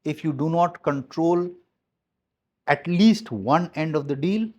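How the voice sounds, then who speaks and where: A man's voice: on the high side, expressive, slow, darkish tone. A man giving a motivational talk to his team as their business coach. He speaks emphatically, repeats key phrases and is blunt, with some mild swearing.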